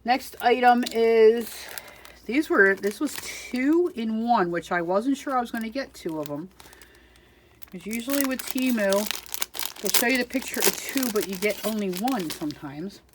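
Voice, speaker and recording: A woman's voice: on the high side, lively intonation, measured pace, background noise. A woman chatting casually through a crafting haul, chatty and self-deprecating, giggling at herself. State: out of breath.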